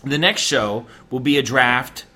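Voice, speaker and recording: A man's voice: medium pitch, unhurried, sharp tone. A man from the United States co-hosting a podcast, chatting casually and joking with frequent laughs. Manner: joking, laughs often, rambling. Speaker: podcast co-host.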